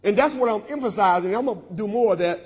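A man preaches a sermon as pastor in a church sanctuary, his high voice quick-paced, husky, and darkish in tone. He repeats lines in a call-and-response style, and the audio carries the long reverb of a church hall.

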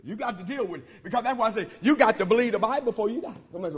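High-pitched preacher man, loud then hushed, calling back to the crowd, big echoey church. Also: animated, very fast. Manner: emphatic call-and-response preaching, swinging from loud to hushed. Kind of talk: sermon. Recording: long hall reverb.

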